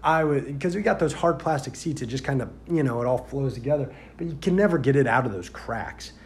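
A man of average pitch tells a story as a sheriff's deputy, casual and rambling, full of fillers and restarts. He grows loud and animated as the story builds. A faint noise sits under his voice. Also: a little fast.

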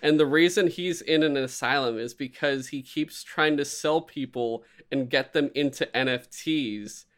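A man with a medium-pitched voice speaks a little slowly with few pauses. In a casual podcast chat he rambles and swears, animatedly retelling a story and putting on voices.

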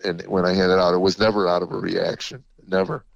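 An older man, a comedian guest, telling stories in a reflective, halting way with many fillers, on a dull lo-fi recording. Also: sits low, flat delivery, gravelly, no echo. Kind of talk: casual interview storytelling.

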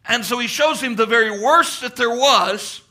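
Fervent high-voiced preacher man. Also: moderate pace, sharp tone. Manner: fervent, quoting at length, rising emphasis. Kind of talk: sermon retelling a vision.

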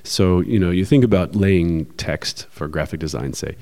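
A man's voice: low-pitched, moderate pace, a little mellow. A man co-hosting a podcast, explaining ideas in a casual discussion, thoughtful and full of fillers. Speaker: podcast co-host.

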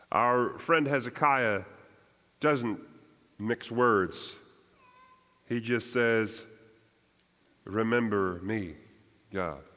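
A man preaching a sermon as pastor, measured and deliberate, his voice rising for emphasis and sinking soft at the ends of lines. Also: mid-range voice, long reverb tail.

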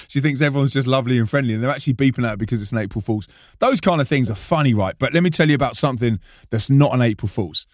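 A man, a preacher and band frontman, telling a story in an animated, self-mocking way, often restarting and repeating his words. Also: medium pitch, fast, no room sound, studio quality. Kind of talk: storytelling monologue.

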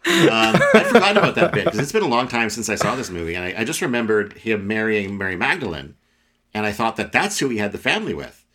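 Man, lowish bright voice, casual film chat, playful, acts out lines. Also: fast. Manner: animated, acts out characters' lines with laughs.

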